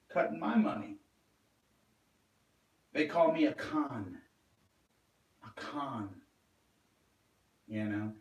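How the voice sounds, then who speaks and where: A man's voice: medium pitch, far from the mic. Rambling, agitated male vlogger with a mid-range voice, set back from the mic. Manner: agitated, rambling, swearing, flares into loud outbursts. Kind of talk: rambling monologue. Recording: roomy echo, away from the mic.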